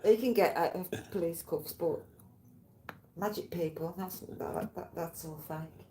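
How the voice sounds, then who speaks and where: A woman's voice: lowish voice, unhurried, mellow. Rambling woman in a roomy space. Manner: rambling, tangential storytelling with swearing. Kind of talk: casual chat. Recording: roomy, faint background ambience.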